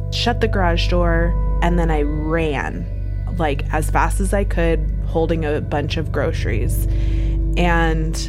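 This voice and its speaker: A woman telling a personal memory in a halting, hesitant way. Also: low-pitched. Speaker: interviewee. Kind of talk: personal recollection.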